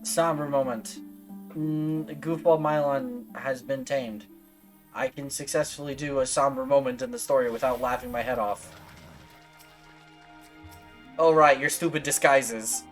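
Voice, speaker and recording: A man's voice: mid-range voice, fairly even intonation, unhurried, long pauses, over music. A man streaming a game, chatting casually between scenes in a joking, giggly, self-mocking way. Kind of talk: casual gaming livestream chat.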